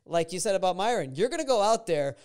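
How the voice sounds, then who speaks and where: A man's voice: high-pitched, sing-song, quick pace, a little mellow, smooth. A podcast host in casual conversation, blunt and swearing freely as he asks questions.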